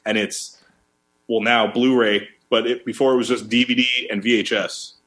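A man's voice: medium pitch, moderate pace. Male, 30s, podcast co-host, casual anecdote teller with a mid-range voice. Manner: animated storyteller, acts out quotes. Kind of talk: casual chat.

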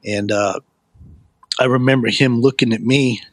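A middle-aged man, a guest, telling his life story in a rambling, animated way, with many fillers and restarts. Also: a little slow, no echo. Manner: animated, acts out quoted voices with a raised pitch. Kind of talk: personal storytelling.

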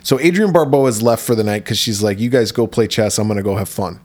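Talking fast in a lowish voice, this man co-hosts a podcast and runs through a horror movie's story in a relaxed way. He curses without restraint and acts out characters' lines in different voices as part of the casual film talk.

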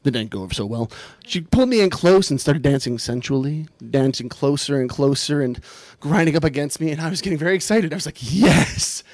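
A man telling a comic personal story in a self-deprecating, animated way, building toward punchlines. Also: fairly high pitch, fairly quick, no room sound.

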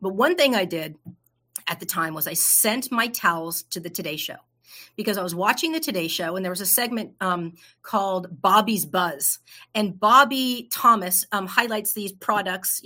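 A woman's voice: mid-range voice, expressive, normal speed, pushed and bright. A middle-aged woman, a business owner, telling her story in a casual interview, acting out the voices of people she quotes. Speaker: entrepreneur guest.

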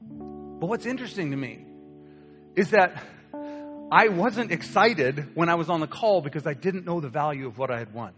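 A young man preaching, telling a personal story with lively acted-out voices. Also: on the high side, normal speed, pauses often. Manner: animated storyteller acting out quoted voices. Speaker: pastor. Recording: long hall reverb with soft guitar.

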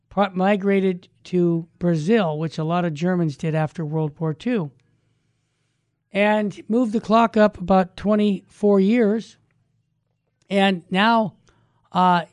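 A man, a Catholic evangelist, telling a story and then teaching in an animated, folksy way. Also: high-pitched, no room sound, clean studio sound.

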